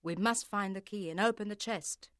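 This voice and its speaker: A man's voice: sits high, normal speed, fairly bright tone, no echo, clean studio sound, pitched above the performer's own voice. A man reading a storybook and voicing a firm, stubborn innkeeper mother. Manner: firm and insistent. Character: stubborn innkeeper mother, middle-aged woman.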